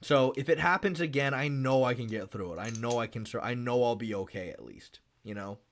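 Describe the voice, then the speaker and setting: A man's voice: medium pitch, a little fast. A man streaming about MMA fights and betting, talking casually with chat in a rambling, repetitive way and swearing freely.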